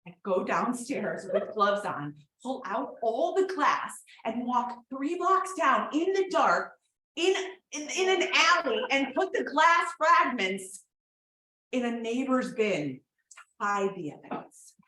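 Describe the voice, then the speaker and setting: A woman performing a profane, confessional comedic story on a theater stage, swinging between loud bursts and hushed asides. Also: fairly high pitch, big pitch swings, slow pace, reverberant, rough recording. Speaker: solo performer.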